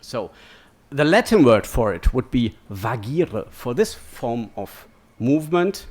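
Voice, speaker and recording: A man's voice: mid-range voice, big pitch swings, slow pace, a little mellow. A man giving an academic lecture in a digressive way, checking in with "yeah?" and "no?" as he goes. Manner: digressive, keeps asking "yeah?" and "no?".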